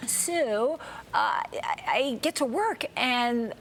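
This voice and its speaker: A woman guest co-host telling a personal story on a talk show, animated and acting out the people in it. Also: on the high side, takes it slowly, a little hiss or hum.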